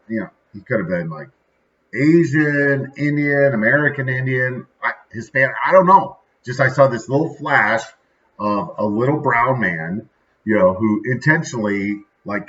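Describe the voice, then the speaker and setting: A man's voice: on the low side, fairly bright tone, muffled recording. A man hosting a podcast, telling a personal story in a rambling casual monologue full of asides. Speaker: podcast host.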